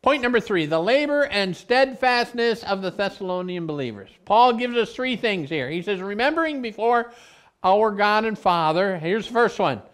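A man's voice: high voice, animated, normal speed, fairly bright tone. A middle-aged man, preaching a sermon in a conversational way, explaining words with everyday stories. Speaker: pastor.

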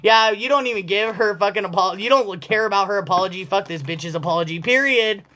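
A woman's voice: medium pitch, brisk, hardly any pauses, a bit bright. A woman giving a casual collective tarot reading, blunt and profane and often breaking into laughter. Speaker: tarot reader.

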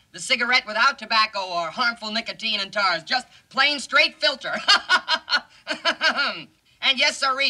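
A man in a 1950s film comedy putting on a giggly male TV movie host who stumbles through a sales pitch. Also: pushed and bright, heavily acted, low-quality recording.

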